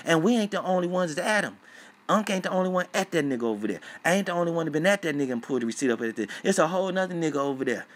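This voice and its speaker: Black dude yelling into his phone on a live, cussing a lot, keeps repeating himself. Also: a little high, animated, racing. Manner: loud, emphatic, profane, repetitive. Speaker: livestream commentator. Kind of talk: casual livestream rant.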